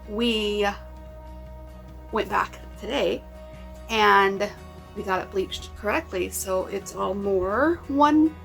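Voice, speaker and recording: A woman's voice: mid-range voice, creaky, fairly bright tone, poor audio. A woman vlogging in casual chat to camera, rambling and repeating herself.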